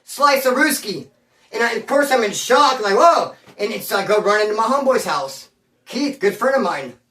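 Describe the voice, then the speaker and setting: A man telling a story from his past in casual, slangy street talk, rambling and animated and calling the listener homeboy. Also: high-pitched, normal speed. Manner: rambling and animated, with sound effects. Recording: roomy sound from a distance.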